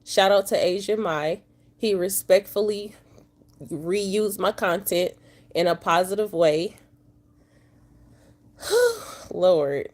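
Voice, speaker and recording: A woman's voice: medium pitch, fairly even intonation. A woman truck driver, vlogging to her viewers, upset and emotional after just waking up. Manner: talks slowly and drawls, addresses viewers as y'all. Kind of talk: emotional casual vlog to viewers.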